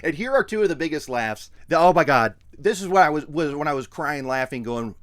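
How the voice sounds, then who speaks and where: A man co-hosting a podcast in casual chat, animated, laughing often and swearing. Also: fairly high pitch, a little fast, hardly any pauses, no echo, clean studio sound. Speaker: podcast co-host.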